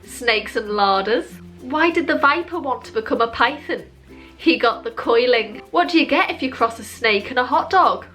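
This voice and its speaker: Woman reading puns in dry deadpan. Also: a little high, soft background music. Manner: dry, slow deadpan punchlines with wry self-commentary. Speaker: joke video creator.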